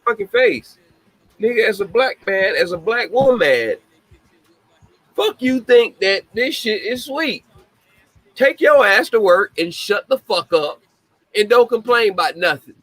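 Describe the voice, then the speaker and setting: A podcast host speaks a little slowly in an animated, high-sitting, slightly bright voice, with long pauses between his words. His casual commentary is a blunt, heavily profane rant punctuated by laughter, recorded with no echo and poor audio.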